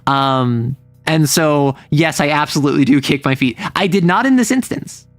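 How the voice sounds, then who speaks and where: A man with a slightly higher voice chats casually on a livestream. He rambles, stammers and restarts his sentences, animated and quick to laugh. Faint music plays in the background. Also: dry recording. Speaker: streamer.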